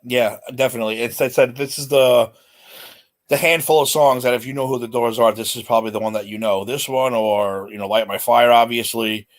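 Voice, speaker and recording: A man's voice: mid-range voice, steady tone, a little fast. Chatty man sharing music trivia. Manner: laughs easily, shares trivia. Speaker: podcast co-host. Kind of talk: casual music podcast chat.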